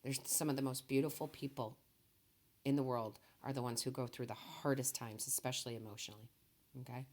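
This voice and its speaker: Woman tarot reader, very low voice, soft and emotional, close to tears, gently reassuring. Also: fairly even intonation, brisk. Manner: soft-spoken, emotional, reassuring, says okay often. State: tearful, voice low and quiet.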